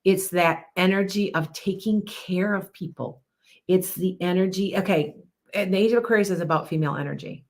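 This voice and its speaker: A woman with a slightly low voice hosts a live psychic podcast. She talks in a loose, rambling way, circling back and repeating phrases as she reads out and answers viewers' comments. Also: moderate pace, a little mellow. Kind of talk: casual live-stream chat.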